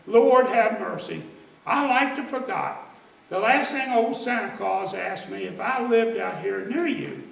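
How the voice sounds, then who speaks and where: A man's voice: high voice, a little slow, creaky, a bit bright, reverberant, distant mic, full character voice, rough recording. A man voicing a jolly rural farmer father, hearty and exclaiming.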